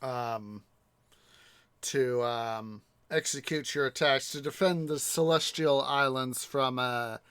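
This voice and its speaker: A man's voice: medium pitch, slow, a bit bright, clean tone. A young man hosting a gaming channel, chatting casually while he plays, rambling and hesitant with lots of fillers. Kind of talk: casual gameplay commentary.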